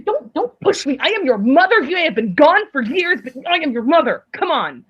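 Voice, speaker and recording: A woman voicing a fussy, scolding mother who nags and shouts for her family. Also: very animated, brisk, highs cut off. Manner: shrill, nagging, bursts of shouting. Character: fussy scolding middle-aged mother, loud and doting.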